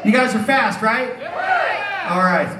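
A middle-aged man doing comedic stage banter as a hypnotist, teasing the crowd with quick jokes and frequent chuckles. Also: high voice, heavy background noise. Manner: wisecracking, teasing the audience, chuckles often. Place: casino showroom stage. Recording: echoey hall from a distance.

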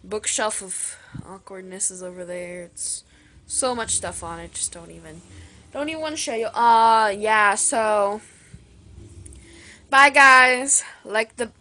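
Bright-voiced teen girl in a put-on accent. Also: medium pitch, slow pace, slight background noise. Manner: put-on accent, silly and rambling. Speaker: toy skit video maker. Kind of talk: casual playful outro chat.

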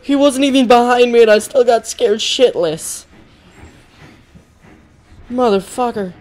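A young man with a high voice commenting on a horror game as he plays it. He talks slowly and draws out his words. When he is frightened he yelps and says the same thing again and again. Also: a little mellow. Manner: panicky, yelps and repeats himself when scared. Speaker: gamer.

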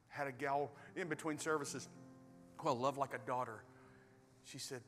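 A man preaching a sermon as pastor, animated, swinging between loud bursts and hushed storytelling. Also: medium pitch, normal speed. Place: large church hall. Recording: reverberant hall with soft music.

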